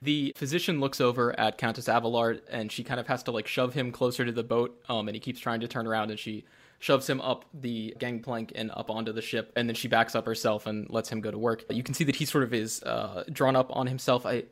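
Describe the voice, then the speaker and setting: A man narrating a tabletop role-playing game as game master, lively and playful. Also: mid-range voice, a little fast. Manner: lively, acts out scenes with laughs.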